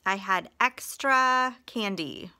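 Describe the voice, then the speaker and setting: A woman's voice: mid-range voice, takes it slowly, sharp tone. A woman teaching phonics in a recorded lesson, patient, stretching out example words and sentences.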